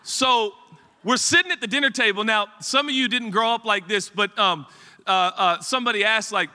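A middle-aged pastor's high, clear, resonant voice carries through long hall reverb in the church sanctuary as he tells a rambling, funny sermon story at a moderate pace. He's animated and chatty, making rambling asides to the congregation.

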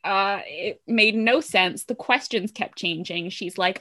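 A woman at a middle pitch chats casually through a plot recap. She retells scenes in a loose, relaxed way, with lots of ums and likes. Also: unhurried, few pauses. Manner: chatty, relaxed retelling with filler words. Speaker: podcast co-host recapping a show. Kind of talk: casual chat.

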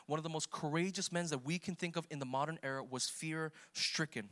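A man's voice: a little high, fairly quick, few pauses, pushed and bright. A man preaching a sermon, emphatic and rising for emphasis.

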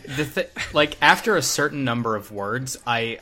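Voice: medium pitch, animated, moderate pace, bright, forceful tone, soft background music. A podcast co-host making dry, understated remarks with stammered restarts. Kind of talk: casual podcast banter.

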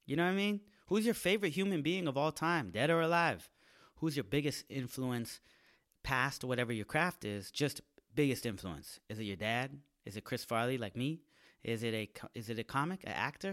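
Man, comedian, casual crude monologue, slangy, animated. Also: mid-range voice. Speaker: comedian hosting his own podcast.

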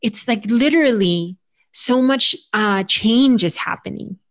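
A woman's voice: fairly high pitch, measured pace. A woman hosting a podcast interview, speaking hesitantly with frequent restarts and fillers. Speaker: podcast host.

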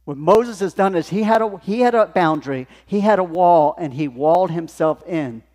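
A man's voice: sits high, normal speed. Man preaching in an echoey church. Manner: conversational, animated storytelling. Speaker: pastor. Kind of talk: sermon. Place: church sanctuary.

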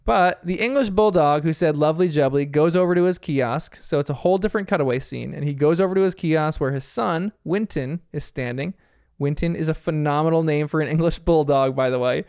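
A man's voice: fairly high pitch, brisk, a little mellow, smooth, no room sound, clean studio sound. A man casually recapping a cartoon episode scene by scene, chatty and often laughing. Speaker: TV episode reviewer.

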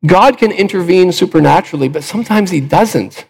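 A man's voice: high-pitched, animated, a little fast, vocal fry, slightly rough, rough recording. An older man preaching a sermon, telling a personal story in a conversational way with fillers and restarts.

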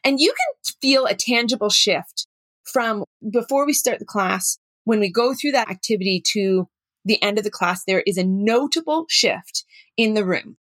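A middle-aged woman, a workshop facilitator telling a story with animated, acted-out dialogue. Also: mid-range voice, normal speed, dry recording. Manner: animated, acts out dialogue in her stories. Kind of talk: storytelling talk.

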